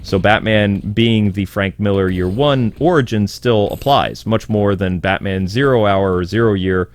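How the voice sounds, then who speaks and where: Sarcastic, animated and audibly exasperated, a man with a lowish voice riffs through a casual comic book commentary video he hosts, popping into quick character voices along the way.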